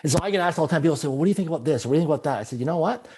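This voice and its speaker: Middle-aged man, guest storyteller, brighter higher voice, animated, leans on repetition. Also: racing, breathy edge. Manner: animated, repeats phrases for emphasis. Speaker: guest speaker. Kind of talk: storytelling in a conversational interview.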